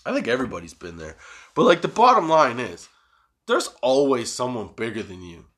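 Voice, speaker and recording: A man hosting his own podcast, rambling in a casual, profane, self-mocking way after staying up all night high. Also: sing-song, brisk, a bit bright. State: sleepless and high. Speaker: podcast host.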